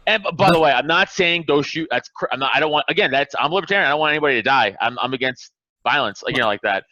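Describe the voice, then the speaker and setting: A man's voice: fairly high pitch, racing, sharp tone, no room sound, lo-fi sound. Heated, swearing man ranting on a podcast. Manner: heated, profane, emphatic ranting. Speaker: podcast host. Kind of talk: casual podcast chat.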